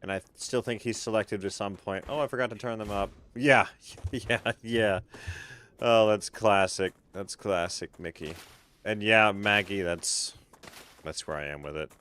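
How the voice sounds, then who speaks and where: A man's voice: lowish voice, moderate pace, pushed and bright. A man, streaming a game and chatting casually with viewers, laid-back and swearing freely, often trailing off. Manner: chats with viewers by name. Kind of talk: casual live-stream chat while gaming.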